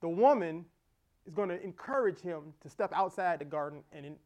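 A middle-aged pastor delivers a sermon in a slightly high voice. He preaches with animated energy, laughing along and acting out quoted exchanges. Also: moderate pace.

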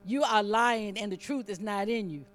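A woman's voice: mid-range voice, normal speed, slight background noise. A woman preaching a sermon in a conversational, fervent way, teasing the congregation and building up emphasis as she reads scripture.

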